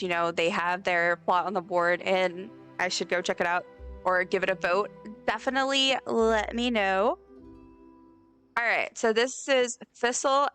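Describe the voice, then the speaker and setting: Bright, chatty woman streamer. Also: mid-range voice, clean tone. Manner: effusive, chatty, reads chat aloud. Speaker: livestreamer. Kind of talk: casual live-stream chat while gaming. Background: faint game music.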